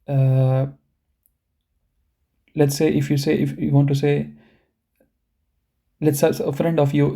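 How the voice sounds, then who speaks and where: A man's voice: fairly high pitch, dark tone. A man teaching a live online language lesson, explaining step by step and often checking in with the learners. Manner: slow, deliberate pronunciation of example words. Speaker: German teacher.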